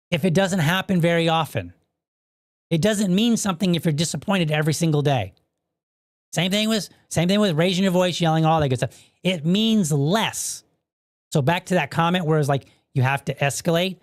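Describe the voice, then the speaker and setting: A man's voice: a little high, animated, normal speed, no room sound, clean studio sound. A man in his thirties hosting a solo podcast, explaining his views in a conversational way with rhetorical questions and frequent restarts. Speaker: podcast host. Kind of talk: casual solo commentary.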